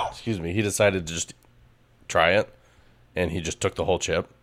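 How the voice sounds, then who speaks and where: A man's voice: low-pitched, fairly even intonation, moderate pace, sharp tone. A young man co-hosting a podcast in casual chat, laid-back and laughing often as he tells stories. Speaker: podcast co-host.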